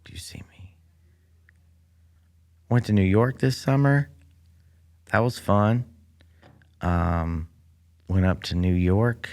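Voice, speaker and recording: Deep, raspy, and fry-laden with a darkish tone, a man hosts a solo comedy podcast from a room in a public library. His casual monologue is dry, wandering, and packed with fillers, and the studio mic picks up the room around him.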